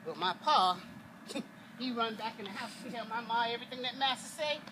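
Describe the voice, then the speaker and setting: A woman putting on an eager young enslaved boy who recalls the war with quick, excited dialect. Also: a little high, natural voice. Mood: storytelling. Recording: noisy outdoor recording with passing traffic.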